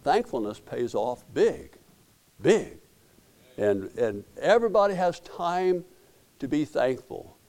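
A middle-aged man preaches a sermon, his voice carrying a gravelly edge. He speaks in a folksy, storytelling way, circling back with repeated words and restarts as he makes his points. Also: fairly high pitch, very animated, slow pace, darkish tone. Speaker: pastor.

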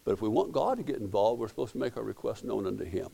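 A middle-aged pastor with a gravelly, warm voice on the low side preaches in a folksy storytelling style. He talks fast and sing-song, circling back with repeated words and restarts as he makes his points.

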